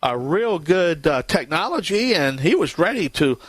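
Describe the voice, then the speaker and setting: An upbeat man hosts a radio talk program, rambling cheerfully with frequent filler words. His voice sits a little high. The sound is dry and close, with no room around it. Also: big pitch swings, normal speed, no room sound. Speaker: radio show host.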